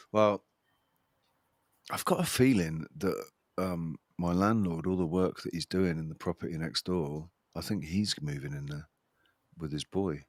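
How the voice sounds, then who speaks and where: A man's voice: deep voice, a bit bright, no echo, studio quality. A man hosting a livestream in casual chat, rambling and restarting his sentences, with a chuckling laugh. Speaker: livestream host.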